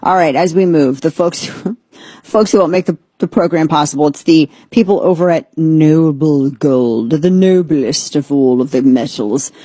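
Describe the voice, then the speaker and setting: A woman hosting a casual commentary show, talking in an animated, sarcastic way and sometimes jumping into an excited squeal. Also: deep voice, a little slow, breathy edge, no room sound.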